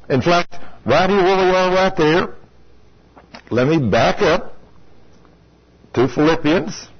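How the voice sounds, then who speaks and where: The man's voice is husky and a little high. He preaches in a folksy, straightforward way, speaking directly to the congregation and acting out complainers, heard through a lo-fi radio broadcast.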